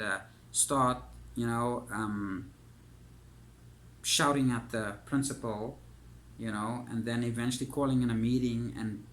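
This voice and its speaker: Male coach, mid-pitched, rambling lecture full of fillers and restarts. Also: a bit bright. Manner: halting, filler-heavy, says "you know" constantly. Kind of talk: monologue.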